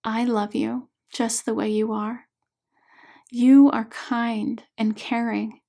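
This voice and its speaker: A woman's voice: fairly high pitch, fairly even intonation, unhurried, darkish tone. A woman reading an audiobook, voicing a troubled adult woman client who speaks emotionally and confessionally during a therapy session. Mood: tender.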